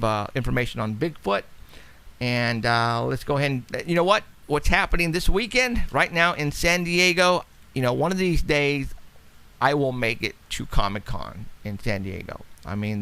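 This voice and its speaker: A man's voice: medium pitch, vocal fry, pushed and bright, clean tone. A man hosting a radio talk show, chatting in a rambling, casual way. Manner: rambling, chatty, laughs often.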